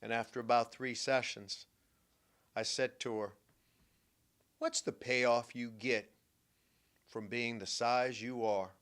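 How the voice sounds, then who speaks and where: Older New man, talk-show host, punchy storytelling that drops quiet then booms. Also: steady tone, slow pace, long pauses. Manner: emphatic storytelling, swings from hushed to loud. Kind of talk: radio-style talk monologue.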